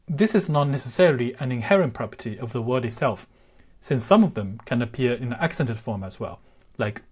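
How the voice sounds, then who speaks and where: A man giving an explanatory language lesson in a measured, careful way, pausing to demonstrate the pronunciation of words. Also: medium pitch, animated, slightly rough. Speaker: language teacher.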